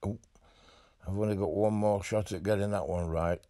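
A man's voice: on the low side, steady tone, normal speed, mellow, close to an everyday voice. A man voicing a lonely animal lad who talks in a hesitant, stammering, self-deprecating way with a Yorkshire accent. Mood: sheepish. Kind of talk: comic animal voice-over.

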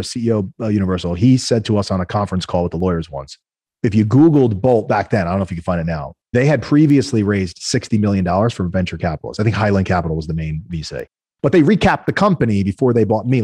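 A man, a guest entrepreneur, telling business stories in a lively, conversational way and acting out the other people in them. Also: fairly low pitch, quick pace, husky, dry recording. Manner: animated, acts out quoted voices. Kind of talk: conversational storytelling.

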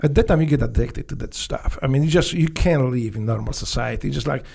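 A middle-aged man from Poland with a Polish accent, a podcast guest telling stories casually, animated and swearing freely. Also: mid-range voice, fast, creaky, breathy edge. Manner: animated, swears freely, acts out dialogue, laughs often. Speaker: podcast guest, former Navy SEAL. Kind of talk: storytelling in a casual interview.

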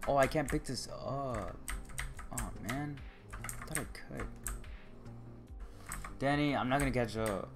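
Man, livestream chat, slow drawl, rambling, joking with viewers, faint music behind. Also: mid-range voice. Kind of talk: casual live-stream chat.

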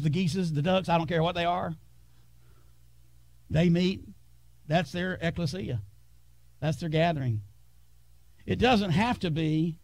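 A man delivers a sermon from the pulpit in a fairly high voice. He builds with dramatic pauses and sometimes sinks to a hush. The recording is close and dry, with little room sound. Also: dry recording. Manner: preaching with dramatic pauses and sudden hushed drops. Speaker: pastor. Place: church sanctuary.

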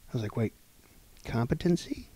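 A man on a podcast telling a long story casually, acting out the people in it and swinging between loud and hushed delivery. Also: medium pitch, moderate pace. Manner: animated, acts out quoted dialogue, swings between loud and hushed. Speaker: podcast co-host.

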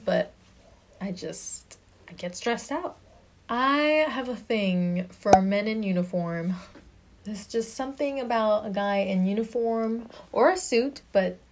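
A young woman chatting casually to the camera, lots of "like" fillers and little laughs. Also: on the high side. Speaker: vlogger.

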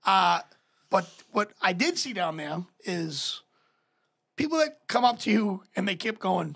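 Husky guy on a podcast. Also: sits high, expressive, normal speed, pushed and bright. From Boston. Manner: laid-back, profane storytelling. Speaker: podcast co-host. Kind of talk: casual chat.

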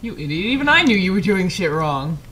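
A woman with a bright, clear voice comments on a friend's gameplay in casual chat. Her pitch swings widely as she teases and swears freely. There is a faint hum of noise behind her. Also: a little fast, poor audio. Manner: teasing, animated, swears freely. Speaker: co-host on a let's play. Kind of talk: casual let's play chat.

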